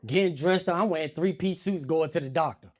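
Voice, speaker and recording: A man's voice: a little high, brisk. A man doing stand-up storytelling on a comedy stage, acting out quotes in a raised voice. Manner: animated, acts out quotes in raised voice.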